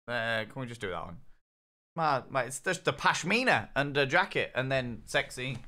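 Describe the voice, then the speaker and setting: Young male streamer, cheeky, profane, joking with chat, bright forceful tone. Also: mid-range voice. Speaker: gaming streamer. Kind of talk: casual live-stream commentary.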